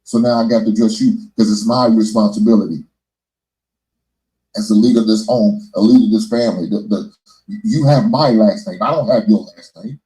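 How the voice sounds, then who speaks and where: Emphatic man lecturing, lowish voice. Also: brisk, warm tone, low-quality recording. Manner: emphatic, preachy, repeats phrases for effect. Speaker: podcast host. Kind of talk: casual debate chat.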